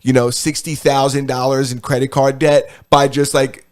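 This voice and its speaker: A man's voice: medium pitch, level tone, normal speed, a little mellow. A young adult man co-hosting a casual podcast chat, talking profanely and acting out the people he quotes. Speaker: podcast co-host.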